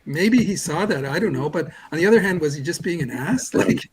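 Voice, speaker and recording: A man's voice: on the high side, lively intonation, a little fast, a little hiss or hum, low-quality recording. A man in his sixties from Canada, a guest comics artist telling a long rambling anecdote in casual chat, self-deprecating and full of restarts. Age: 60s.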